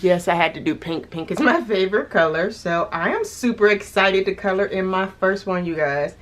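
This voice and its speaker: A woman of medium pitch speaks at an ordinary speed in a casual vlog to camera. She's a budgeting vlogger talking through paying off her debt, thinking aloud with restarts, brief laughs, and a hint of hiccups.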